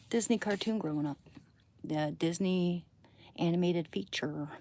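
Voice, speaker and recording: Hushed, rambling young woman streaming late at night. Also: sits low, normal speed, a little hiss or hum. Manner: rambling and playful, often dropping to a hushed voice. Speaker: livestreamer. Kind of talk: late-night casual livestream chat. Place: home at night, with family asleep nearby. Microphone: phone.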